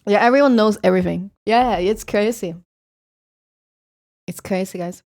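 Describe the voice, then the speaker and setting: A woman's voice: medium pitch, moderate pace, a little mellow. Rambling Swedish-accented woman streamer. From Sweden. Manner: rambling, chatty, swears casually. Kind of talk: casual chat with viewers.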